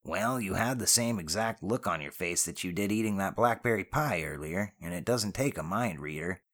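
A man voicing a wisecracking young male criminal, joking and a little anxious, in a higher voice than his narration. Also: animated, moderate pace, a bit bright.

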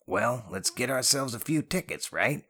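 A man voicing a wisecracking young male criminal, joking and a little anxious, in a higher voice than his narration. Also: lively intonation, moderate pace, pushed and bright, breathy edge, heavily acted.

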